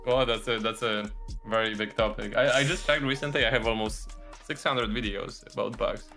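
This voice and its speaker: A man talking as a podcast guest, relaxed and rambling with frequent restarts. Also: fairly low pitch, normal speed, faint music behind. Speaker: guest, video creator. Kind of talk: casual podcast chat.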